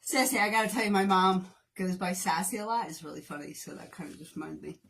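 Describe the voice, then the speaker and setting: A woman's voice: on the low side, fast talker, vocal fry, a bit bright, distant mic. Chatty woman counting reps during a workout. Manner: breaks into playful off-key singing. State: exercising, at times strained. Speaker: live workout host. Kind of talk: casual livestream workout chat.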